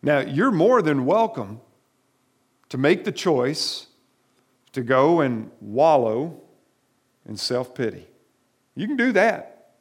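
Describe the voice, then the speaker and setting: A man's voice: a little high, big pitch swings, slow, pauses often. A man preaching a sermon to his congregation, emphatic and direct, repeating his key phrases. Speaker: pastor.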